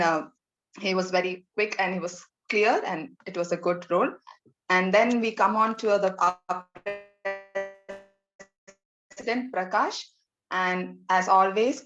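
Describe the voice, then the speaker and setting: A woman's voice: mid-range voice, a bit bright, lo-fi sound. A woman giving a general evaluator's report at a club meeting, repeating herself and filling gaps with fillers. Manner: repetitive, loose phrasing with fillers.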